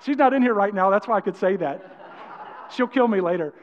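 A man's voice: sits high, fast talker, slight background noise. A man preaching a sermon with energy and emphasis, often acting out quotes. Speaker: pastor. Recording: dull sound, long church-hall reverb.

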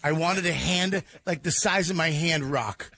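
A middle-aged man telling a comic story on a talk show, animated and exaggerating, acting out the people in it. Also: a little high, unhurried. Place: radio studio. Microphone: studio microphone.

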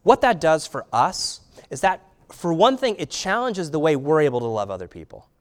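A man's voice: on the high side, sing-song, normal speed. A man preaching a sermon in a conversational way, with filler words and rhetorical questions. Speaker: pastor.

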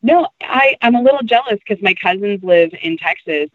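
High-voiced upbeat man, lo-fi sound. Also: lively intonation, no echo. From Indiana. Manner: upbeat, agreeable, quick laughs. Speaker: podcast producer. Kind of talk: casual podcast chat. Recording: dull lo-fi audio, dry.

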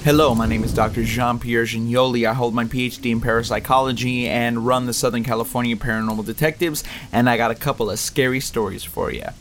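A man's voice: medium pitch, fairly even intonation, fast talker, few pauses, a bit bright. A man who works as a paranormal investigator, introducing himself and telling stories in a plain, matter-of-fact way. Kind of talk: spoken introduction and storytelling. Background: music.

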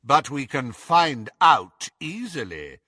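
A haughty, cold aristocratic man, as a reader voices him, cool and measured in his unhurried commands. The voice is bright and dry, close to the microphone. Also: medium pitch, big pitch swings, slightly rough, no echo, exaggerated voice.

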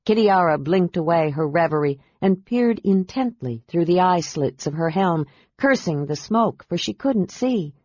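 A woman reading a fantasy novel aloud as audiobook narrator, with a measured, steady delivery. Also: fairly low pitch, husky, no echo. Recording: dull dry audiobook recording.

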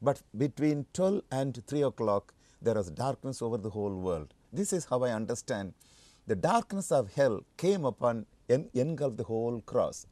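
A man preaching a sermon with emphatic delivery, leaping to high fervent peaks and repeating his key phrases. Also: animated, moderate pace, mellow, no echo.

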